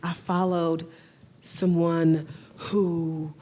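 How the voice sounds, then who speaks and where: A woman giving an emotional talk on camera, speaking in a halting way and often restarting her sentences. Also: lowish voice, little pitch movement, mellow. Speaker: speaker at a talk on remote viewing. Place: in front of a camera.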